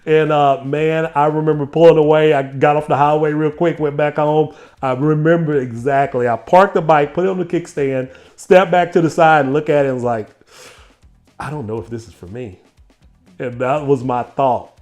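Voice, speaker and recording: A man hosting an interview, telling a personal story in a lively, laughing way. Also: a little high, moderate pace, soft background music. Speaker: interview host. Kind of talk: casual storytelling chat.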